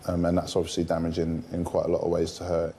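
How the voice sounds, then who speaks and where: Very deep, flat-voiced male teacher. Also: quick pace, background noise. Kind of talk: interview.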